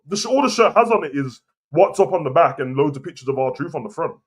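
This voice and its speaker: A man's voice: on the high side, lively intonation, fast talker, breathy edge. A man, hosting a casual wrestling opinion show and arguing his point heatedly and repetitively. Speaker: wrestling commentary host. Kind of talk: casual opinion rant to camera.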